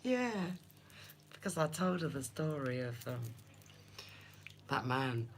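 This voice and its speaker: Extremely low in pitch yet very animated, the tarot reader speaks slowly over a noisy background. On her live stream she laughs and tells stories in a chatty way, greeting viewers by name.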